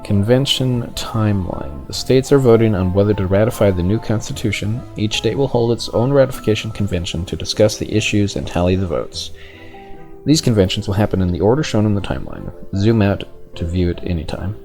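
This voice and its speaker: A man playing through a game and talking it over in a casual, thinking-aloud way, reading the screen as he goes. His voice sits low with a gravelly, fried texture. The tone is relaxed commentary. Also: a little fast, soft background music. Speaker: gamer. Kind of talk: casual let's-play commentary.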